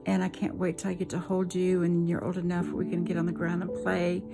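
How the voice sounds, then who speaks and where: A woman's voice: fairly low pitch, completely flat delivery, brisk, gravelly, over music. An older woman, a great-grandmother, recording a tender video message to her granddaughter and the coming baby, trying not to cry. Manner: tender, holding back tears, prayerful.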